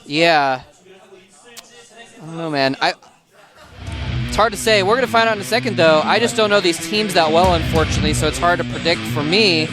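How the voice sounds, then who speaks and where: A young man casting a strategy game over a headset, chatty and goofy, with the hiccups. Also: on the high side. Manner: chatty, goofy banter, quickens and rises on big plays. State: has the hiccups. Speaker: esports caster. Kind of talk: play-by-play commentary. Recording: game music loud behind.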